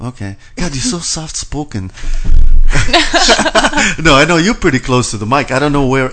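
A man's voice: mid-range voice, expressive, normal speed, a crowd in the background. A man hosting a casual radio talk show, teasing his guests and laughing often.

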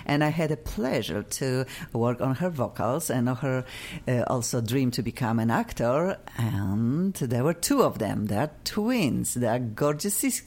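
Woman, radio host, low voice, lively pitch, effusive, studio. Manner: effusive, animated, playful. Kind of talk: casual radio chat.

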